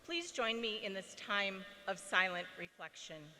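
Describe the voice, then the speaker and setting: A woman reading a reflective passage in a deliberate, formal way to a ceremony audience in a large indoor arena. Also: mid-range voice, animated, sharp tone. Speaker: ceremony speaker leading reflection. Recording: long arena reverb, faint hum.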